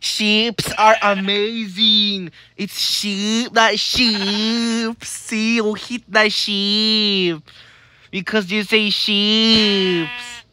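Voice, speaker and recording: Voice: medium pitch, fairly even intonation, extremely slow, sharp tone, slight background noise. A narrator of a comedy video giving repetitive scolding commentary over gameplay, repeating the same warnings over and over.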